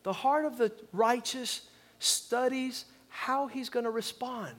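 High-pitched guy preaching, pastor leading the church in call and response, gets loud then soft. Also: slow pace, a little hiss or hum. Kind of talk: sermon.

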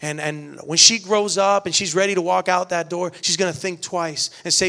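A middle-aged man preaching with an earnest, storytelling delivery. He often repeats words as he builds a point. His voice sits fairly high for a man. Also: steady tone, moderate pace, gravelly, hardly any pauses, pushed and bright. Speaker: pastor. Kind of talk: sermon.

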